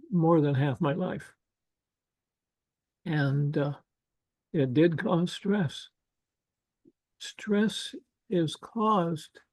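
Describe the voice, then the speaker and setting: An older man presenting an online workshop over a video call, speaking slowly and gently with many fillers and asides. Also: high voice, gravelly, no room sound, rough recording. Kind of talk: casual online workshop talk.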